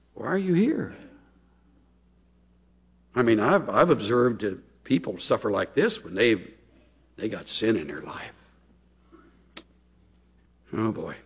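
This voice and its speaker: A middle-aged man preaching a chatty, conversational sermon with animated, folksy asides. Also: mid-range voice, creaky, breathy edge. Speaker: pastor. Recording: long hall reverb.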